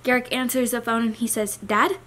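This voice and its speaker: A young adult woman vlogger talking casually to the camera in a chatty, rambling, soft-spoken way. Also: a little high, steady tone, normal speed.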